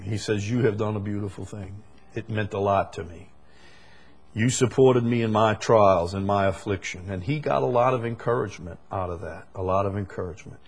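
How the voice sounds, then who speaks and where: A man preaching a sermon, emphatic, rising to loud peaks and dropping to quiet asides. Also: on the low side.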